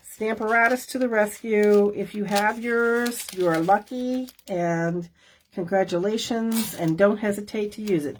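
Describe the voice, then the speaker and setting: A middle-aged woman hosting a crafting class, talking casually and folksily with many fillers and asides. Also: mid-range voice. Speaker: stamping demonstrator hosting a class. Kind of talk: casual craft show-and-tell.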